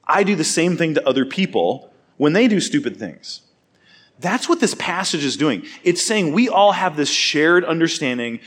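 A man giving a sermon, telling a funny personal story in a casual, chatty way. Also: a little high. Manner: casual, chatty, laughs through his story. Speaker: preacher.

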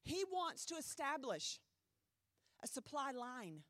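A woman pastor preaching a sermon in a church, emphatic with dramatic pauses, her voice a little strained. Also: sits high, big pitch swings, fairly bright tone, dry recording, studio quality. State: voice trouble, slightly strained.

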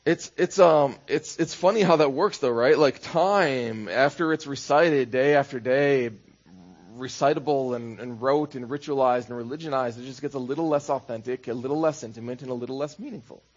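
A man's voice: mid-range voice, normal speed, lo-fi sound. A man preaching a sermon as pastor, conversational, building into rhythmic repeated phrases.

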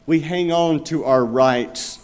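A man with a voice on the high side preaches slowly as pastor in a church sanctuary. He is earnest and asks his listeners rhetorical questions, while the long reverb of a large hall fills the recording.

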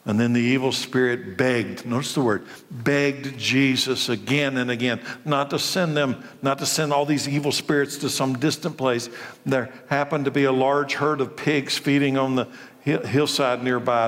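A man's voice: medium pitch, steady tone, normal speed, a bit bright, in a large hall. A man preaching a sermon as pastor, speaking emphatically and repeating his key phrases for weight.

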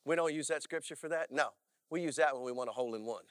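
Guy preaching, animated storyteller, kinda high voice, dry sound. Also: quick pace, no room sound. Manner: animated storytelling with frequent "all right?" asides. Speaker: pastor. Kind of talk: sermon.

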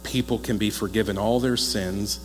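A man preaching a sermon as a pastor, talking in a lively, conversational way and joking with the congregation. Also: on the low side, moderate pace, soft background music. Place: church hall. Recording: echoey hall with faint mains hum.

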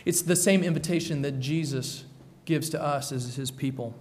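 A man's voice: a little high, normal speed, a little mellow. Earnest man preaching in a reverberant hall. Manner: earnest preaching, repeats phrases for emphasis. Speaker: pastor. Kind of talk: sermon.

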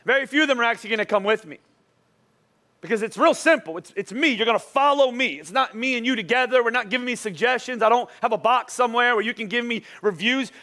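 A man's voice: very high-pitched, quick pace, pushed and bright. A young adult man preaching a sermon in a church, talking casually and energetically, often restarting and asking the crowd "right?". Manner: restarts and repeats words often. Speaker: pastor. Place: church auditorium.

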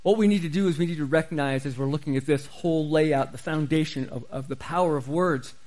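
Guy preaching a sermon, fairly high voice, hammers his points and says them twice. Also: a little mellow, low-quality recording. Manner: emphatic, repeats key phrases for stress. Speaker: pastor.

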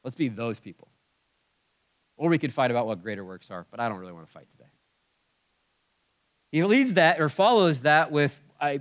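A man preaching a sermon in a conversational way, swinging between loud emphatic bursts and quiet asides. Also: medium pitch, expressive, moderate pace, long pauses. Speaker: pastor.

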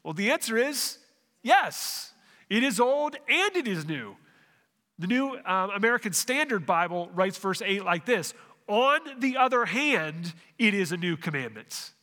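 A man's voice: sits high, very animated, measured pace, pushed and bright, big-room sound. A man preaching a sermon, working through a passage verse by verse, often restarting phrases and asking the congregation questions. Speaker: pastor.

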